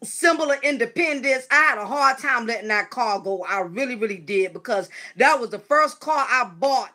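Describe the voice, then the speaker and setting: A woman's voice: high voice, moderate pace, pushed and bright. A woman talking casually to her viewers in a chatty, emotional way, often calling them y'all. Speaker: vlogger. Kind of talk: casual talk to camera.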